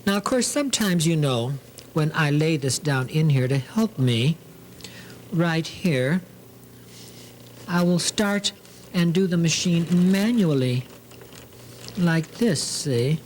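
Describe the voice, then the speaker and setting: A man's voice: a little high, expressive, slow, pauses often, a little hiss or hum, poor audio. Theatrical man demonstrating sewing. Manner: theatrical, camp, fond of 'lovely' and 'darlings'. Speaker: sewing show host.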